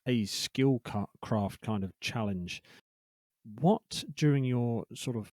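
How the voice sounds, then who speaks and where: A man's voice: medium pitch, slow pace, a little mellow, no echo. A man hosting a podcast interview, asking questions hesitantly with many fillers and restarts. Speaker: podcast host.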